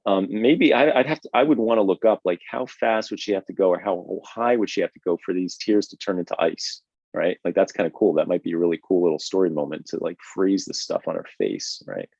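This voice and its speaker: Lively male drawing teacher, low voice. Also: a little fast, creaky, breathy edge, no echo. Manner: energetic, conversational, checks in with "right?". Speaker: drawing instructor and host. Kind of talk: live online drawing lesson. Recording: dull, lo-fi, dry stream audio.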